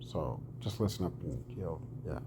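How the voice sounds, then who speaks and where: A man's voice: rumbling low, lively intonation, normal speed, background noise. A man giving casual reaction commentary on his own clip, rambling and swearing, sometimes explaining things in a mock-preachy tone.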